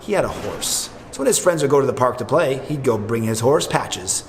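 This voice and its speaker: A man's voice: medium pitch, animated, brisk, slight background noise. A man hosting a comedic campus introduction video, narrating in a playful mock-serious way. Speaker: host.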